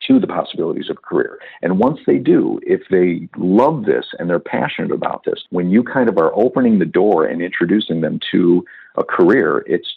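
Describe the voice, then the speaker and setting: A man being interviewed as a guest, explaining his organization's work in a measured way. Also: deep voice, sing-song, vocal fry, slightly rough. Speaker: foundation representative, guest. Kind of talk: interview answers. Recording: tinny phone-line sound.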